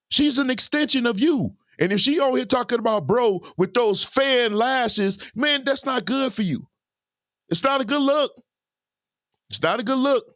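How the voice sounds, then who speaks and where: A man's voice: high-pitched, dry recording, studio quality. A man hosting a reaction commentary, giving preachy advice and speaking straight to his listeners. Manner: animated, preachy, addressing listeners directly. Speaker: commentary host.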